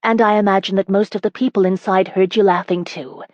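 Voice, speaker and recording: A woman's voice: fairly even intonation, fairly quick, no room sound, highs cut off, close to an everyday voice. A woman narrator voicing a spirited, indignant young woman in an audiobook, speaking emphatically and sharply. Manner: sharp, emphatic, higher and louder than narration.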